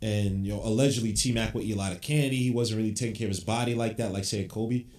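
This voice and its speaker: A man's voice: fairly low pitch, fairly even intonation, fast, a little mellow. Frustrated man ranting in a roomy echo. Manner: blunt, frustrated fan ranting, swears casually. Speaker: podcast host. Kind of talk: live game watch-along reaction.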